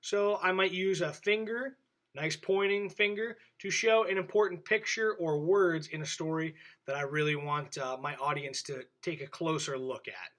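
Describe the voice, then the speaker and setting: A male teacher giving a video lesson to young children, speaking in a clear, friendly voice straight to the camera. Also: on the high side, moderate pace, a bit bright, rough recording. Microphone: camera in front of him.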